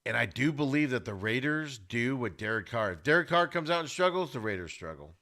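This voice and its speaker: A man hosts a sports podcast, tearing through the week's games in an animated, ranting way. His pitch swings widely from line to line. His tone is bright and sharp. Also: fairly quick. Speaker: podcast host. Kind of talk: football recap commentary.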